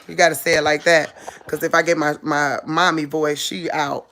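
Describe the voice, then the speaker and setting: A woman's voice: sits low, level tone, normal speed, fairly bright tone. A woman vlogger talking casually to camera at home, laid-back and chuckling, in loose everyday speech.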